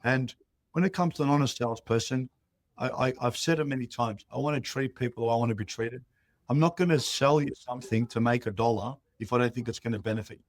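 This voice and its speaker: A man's voice: medium pitch, fast talker, dry recording. A man, a real estate chief executive telling stories in an interview and acting out the dialogue in them. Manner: animated, acts out dialogue in stories. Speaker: real estate CEO, guest. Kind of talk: interview storytelling.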